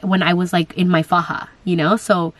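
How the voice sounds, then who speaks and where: A woman's voice: on the low side, level tone, moderate pace. A young woman in casual chat, answering viewer questions on her vlog, talking in a chatty way with lots of fillers and quoted asides.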